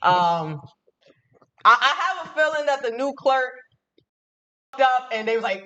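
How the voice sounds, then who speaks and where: A man's voice: very high-pitched, expressive, moderate pace, sharp tone, muffled recording. A man hosting a reaction show, making joking, disbelieving remarks about a story. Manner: joking, incredulous asides. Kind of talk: casual reaction commentary.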